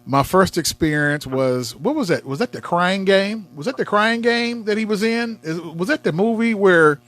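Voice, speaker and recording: Casual co-host, man, a bit high-pitched, laughs often, drifts quiet mid-thought. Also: moderate pace. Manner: laughing, animated, trails off quietly. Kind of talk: casual chat about movies.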